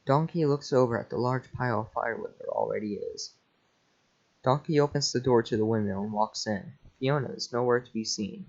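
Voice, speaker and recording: A man's voice: medium pitch, moderate pace. A man reading a script's stage directions aloud in a plain, matter-of-fact way, with small slips. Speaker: script reader. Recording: lo-fi home mic.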